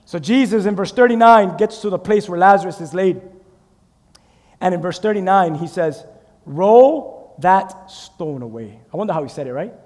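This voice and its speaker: A male pastor preaching a sermon with animated storytelling, putting questions to the congregation. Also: high-pitched, a little fast, in a large hall.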